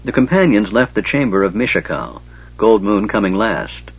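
A man reads a fantasy novel aloud in a measured, even way. His voice is husky and sits fairly low. The recording sounds dull and lo-fi. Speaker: audiobook narrator. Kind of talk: scripted fantasy narration.

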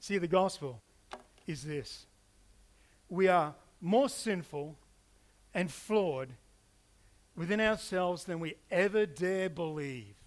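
A man preaching a sermon, telling stories in an animated way and acting out quotes with playful asides. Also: sits high, takes it slowly, pauses often. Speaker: pastor.

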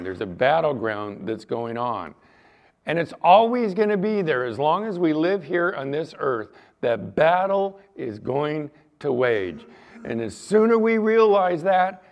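Older male pastor with a gravelly, rather high voice that swoops up and down; preaches in storytelling mode over a dull lo-fi church recording. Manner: storytelling preacher acting out dialogue. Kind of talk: sermon.

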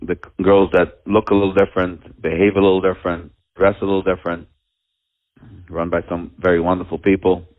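A father telling a personal story at a community talk, halting and earnest, with many pauses and restarts. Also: deep voice, little pitch movement. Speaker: father telling of his daughter. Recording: tinny, phone-like narrow sound.

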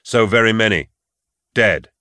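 Man narrating an audiobook, lowish voice, slow and sombre, dead dry close mic. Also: sharp tone, dry recording. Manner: grave, measured and sombre. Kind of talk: scripted first-person audiobook narration.

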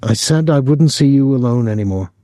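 A curt, blunt house servant woman who talks in a flat, sullen way, put on by a man. Her voice sits higher than the reader's own. The reading sounds close and dry, with no room ring. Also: brisk, no echo, lightly acted.

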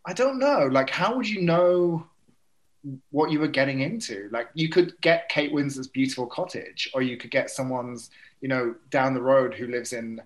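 A man's voice: medium pitch, moderate pace. Musing man, chatty guest. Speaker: podcast guest. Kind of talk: casual chat.

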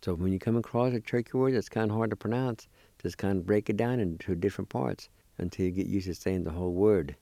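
A man gives a radio language lesson, spelling out words letter by letter and repeating syllables with patience. His voice is low, warm and smooth. He talks very slowly, and the studio sound is dry and close. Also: no room sound. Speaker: language teacher and radio host. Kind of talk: slow spelling and pronunciation lesson.

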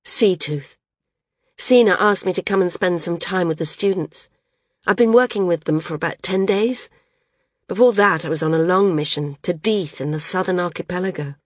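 A woman's voice: lowish voice, moderate pace, dry recording, clean studio sound, lightly acted. A woman voicing a devoted, persuasive woman flyer in an audiobook, her lines read in a coaxing, impassioned way. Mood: calm. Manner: coaxing, impassioned dialogue reading.

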